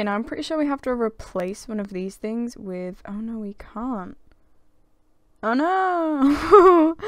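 This gaming video creator's voice sits on the high side, with no echo in the recording. Playing a life-sim game, the young woman keeps up light, giggly let's-play chatter full of gasps and exclamations.

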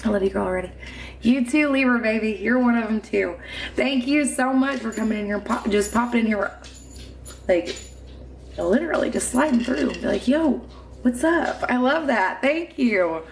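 This Indiana livestream host talks at a moderate pace in a higher, gravelly voice, with a little hiss or hum audible. Streaming by phone from a home room with mounted trophies, she reads comments casually, chatty and giggly, swearing freely and slightly drunk.

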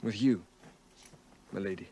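An actor playing a deferential male Scottish gillie with a Scottish accent, soft-spoken and polite in a 1970s television drama. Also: fairly low pitch, a little slow, low-quality recording. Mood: guarded.

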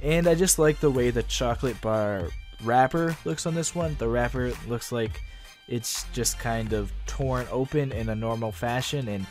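A man's voice: medium pitch, normal speed, faint music behind. A man hosting a casual video, chatty and rambling with light laughs. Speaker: video host. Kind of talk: casual commentary.

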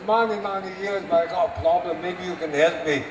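A man's voice: sits high, fairly quick, natural voice. A man voicing a shy, unmarried grown woman who pleads in a hesitant, embarrassed way. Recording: echoey open air from far mic, noisy.

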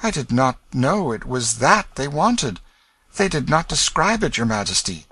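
A man's voice: medium pitch, a little slow, slightly rough, no echo, pitched above the performer's own voice, heavily acted. A man voicing a ragged, humble boy who pleads eagerly. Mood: humble pleading. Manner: pleading, excited outbursts.

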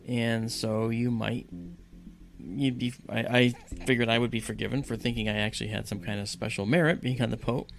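A man telling a story on a podcast in a lively, casual way and acting out the dialogue. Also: mid-range voice, normal speed, vocal fry. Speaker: podcast guest. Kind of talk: casual spoken anecdote.

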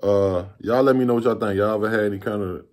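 A man in his thirties from Virginia rambles through a storytime vlog, relaxed and full of slang and swearing. His voice sits on the low side for a man. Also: fast talker. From Virginia, USA. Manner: rambling, laid-back, profane slang. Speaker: vlogger telling a story.

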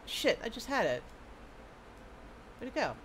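A woman's voice: on the high side, big pitch swings, a little slow, a bit bright, slight background noise. A young woman chatting casually as she streams a video game, rambling and amused at herself. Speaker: gaming streamer. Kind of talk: casual gameplay commentary.

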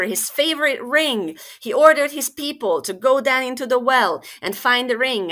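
Woman telling a fairytale for a podcast, animated and bright, chatty asides. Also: a little high. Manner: expressive, conversational. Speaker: storyteller.

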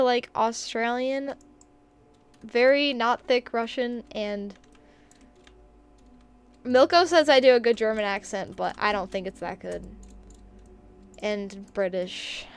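A woman's voice: a little high, slight background noise. A woman streaming a video game, chatting casually and reading out and answering her chat. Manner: chatty, reads chat aloud and reacts. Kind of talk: casual live-stream chat while gaming.

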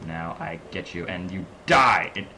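A man from the American South giving excitable let's-play commentary, swinging between low mumbles and loud laughing outbursts. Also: unhurried, vocal fry, slight background noise. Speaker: gaming channel host.

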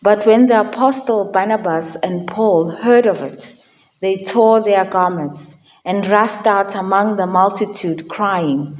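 Slow, measured woman reading scripture. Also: medium pitch, a little mellow, poor audio. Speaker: lector. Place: chapel at a Mass.

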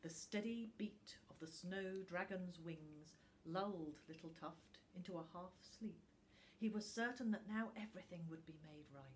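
A woman reading a children's storybook aloud slowly and expressively. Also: fairly low pitch, slight background noise. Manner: slow and expressive.

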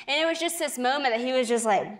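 Animated young woman sharing her testimony. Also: high-pitched, very noisy. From United States. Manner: animated storyteller, quick and earnest. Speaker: guest. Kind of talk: faith testimony in a TV interview.

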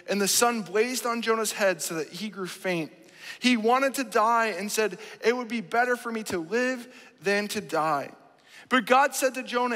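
High-voiced man preaching in a reverberant church. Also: fairly bright tone. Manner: emphatic, keeps asking the congregation "right?". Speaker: pastor. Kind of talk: sermon. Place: church sanctuary. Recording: long church hall reverb.

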